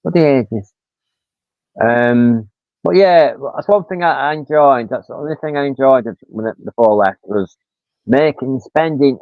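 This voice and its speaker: A man's voice: mid-range voice, normal speed, no echo. Rambling man in his fifties. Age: 50s. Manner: rambling storyteller, swears casually, acts out quotes. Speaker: livestream host. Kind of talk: casual chat. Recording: tinny, dry phone-like sound.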